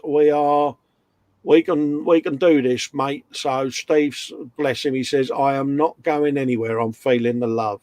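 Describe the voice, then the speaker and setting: A man's voice: mid-range voice, steady tone, a little slow, a little mellow, dry recording. Chatty man hosting a live stream. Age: middle-aged. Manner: chatty, reads viewer comments aloud, fond of puns. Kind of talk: casual live-stream chat.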